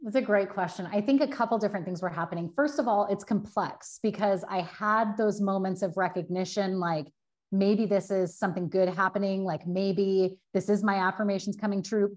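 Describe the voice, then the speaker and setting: A woman in her thirties, a guest telling a candid personal story, earnest and quick, full of filler words. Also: mid-range voice. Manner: earnest, fast, many filler likes, acts out quotes.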